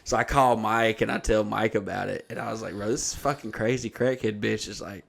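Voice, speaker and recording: A man's voice: on the low side, steady tone, brisk, creaky. A man, hosting a podcast and telling a crude, rambling story in casual chat. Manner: profane, rambling anecdote-telling. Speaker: podcast host.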